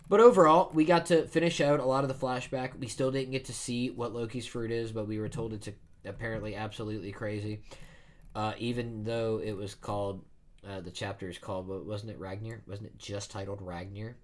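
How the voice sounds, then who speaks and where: A man's voice: fairly low pitch, steady tone, a little fast. A man hosting a casual reading and reaction, thinking aloud as he rambles through his thoughts. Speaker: manga reaction host.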